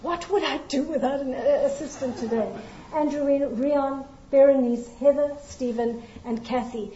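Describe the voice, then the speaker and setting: A woman's voice: sits high, fairly even intonation, moderate pace, dark tone, dull audio, a little hiss or hum. Earnest South African woman lecturing in a roomy hall. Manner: earnest and emphatic, with frequent restarts. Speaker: scientist giving a lecture. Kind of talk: formal lecture to an audience.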